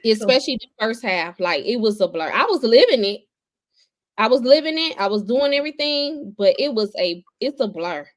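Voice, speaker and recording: A woman's voice: a little high, lively intonation, normal speed, no room sound. A young adult woman speaking as a podcast guest, telling her personal story in a candid, conversational way and repeating phrases for emphasis.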